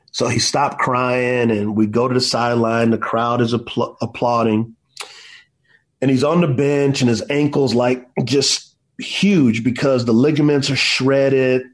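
A man in his forties with a medium-pitched, steady voice and a measured pace, speaking as an author and guest in an interview. He tells stories with passion in an emphatic, preacher-like style, often saying "man".

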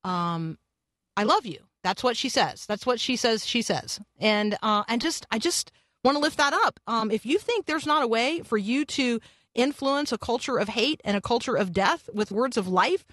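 A woman's voice: a little high, moderate pace, no echo, studio quality. Chatty woman hosting morning radio. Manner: energetic, rambling with restarts. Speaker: radio show host. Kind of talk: Christian morning radio chat.

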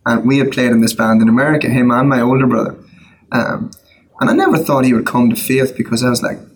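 A middle-aged Irish man, a songwriter, telling his personal story in a casual interview, earnest with quick asides and restarts. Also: medium pitch, expressive, a little hiss or hum, poor audio. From Ireland. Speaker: guest, worship songwriter.

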